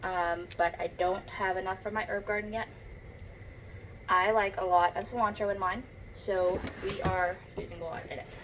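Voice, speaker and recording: A woman's voice: mid-range voice, steady tone, normal speed, fairly bright tone, a little hiss or hum, poor audio. Chatty Southern woman cooking at home. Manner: chatty, homey, rambling. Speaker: home cook. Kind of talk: casual cooking demo. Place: home kitchen. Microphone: propped-up phone.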